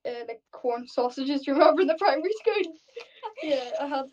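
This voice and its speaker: A woman's voice: sits high, animated, moderate pace, distant mic. A young Irish woman on a video call, hesitant and rambling, filling her talk with likes. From Ireland. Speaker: video-chat stranger. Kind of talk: casual video-chat conversation. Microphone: heard through a video call. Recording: dull lo-fi video-call audio.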